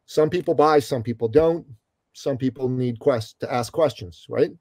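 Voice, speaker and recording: A middle-aged man from Iran, a guest telling a story in an interview, animated and calling the host brother. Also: mid-range voice, normal speed, dry recording.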